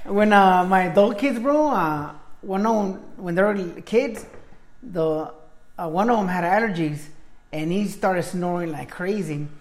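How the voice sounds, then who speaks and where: A woman's voice: on the low side, unhurried, darkish tone. A woman co-hosting a podcast in laid-back, slangy casual chat, often saying "bro" and "you know".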